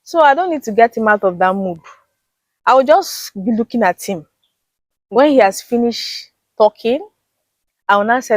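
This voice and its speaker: A woman's voice: mid-range voice, normal speed, no room sound. A woman being interviewed with her husband, patiently explaining her habits and acting out little bits of dialogue. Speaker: interviewed wife. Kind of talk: casual interview chat.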